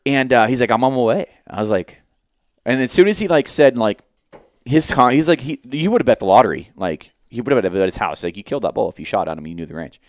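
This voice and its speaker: A young man co-hosting a podcast, retelling a hunt in a rambling, animated way with lots of quoted dialogue and swearing. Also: medium pitch, fast talker, no room sound, clean studio sound. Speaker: podcast co-host. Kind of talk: casual storytelling chat.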